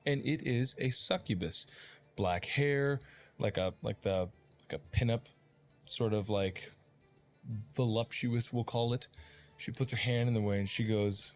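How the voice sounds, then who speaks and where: A man's voice: mid-range voice, a little slow. A man in a mid-range voice running a tabletop game, narrating loosely with plenty of swearing and restarts. Faint music sits underneath. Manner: loose, profane, rambling narration. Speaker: dungeon master.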